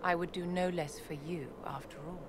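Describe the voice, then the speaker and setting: An actress voices a poised, imperious court enchanter in a video game, using formal, condescending diction with a regal, aloof mood. Her fairly low voice is steady, moderately paced, and close to everyday speech. The game audio includes background noise.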